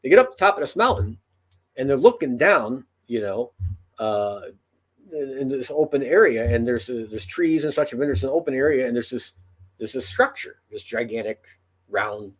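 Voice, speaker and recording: Husky, rambling storyteller man. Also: mid-range voice, lively intonation, normal speed. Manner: rambling, profane, lots of fillers and restarts. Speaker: podcast host. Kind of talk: casual storytelling.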